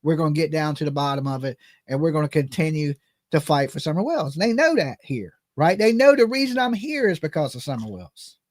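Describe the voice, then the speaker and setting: A high-pitched man with a drawl hosts his own channel, ranting in a casual, animated way. His talk is loose and joking, with sudden jumps in volume. The sound is dry and close, with no room echo. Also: a little fast. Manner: animated, joking, drops into mock voices. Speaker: channel host.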